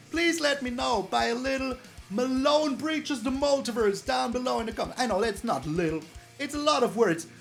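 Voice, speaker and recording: A man hosting a card game channel, giving excited, playful commentary while he plays, taunting his opponent and thanking viewers. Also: very high voice, vocal fry. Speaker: game streamer and channel host.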